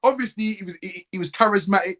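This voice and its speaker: A man with a high, fast voice co-hosts a football podcast, ranting through heated, casual chat. He's animated and mimics the voices of other fans.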